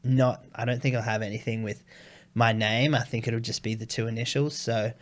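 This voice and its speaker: A man's voice: mid-range voice, moderate pace. A young man, a comedian chatting casually on a podcast, telling stories animatedly and swearing freely. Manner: animated storyteller, swears freely, acts out voices.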